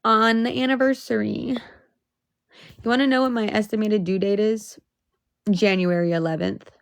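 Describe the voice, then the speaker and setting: A woman's voice: mid-range voice, steady tone, normal speed, no echo, clean studio sound. A young woman venting on a casual livestream, emotional and swearing, rising into exasperated outbursts.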